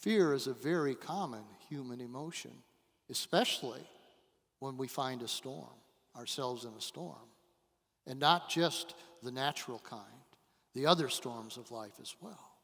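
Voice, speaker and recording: A man preaching a sermon as a guest pastor, telling a story dramatically with long pauses and big swings between quiet and loud. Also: medium pitch, gravelly. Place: church sanctuary. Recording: church hall with long reverb.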